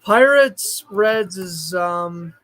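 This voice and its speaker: A man hosting a casual livestream, chatting and thinking aloud, with sudden bursts of excitement. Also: sits high, drawn-out words, rough recording. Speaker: streamer host.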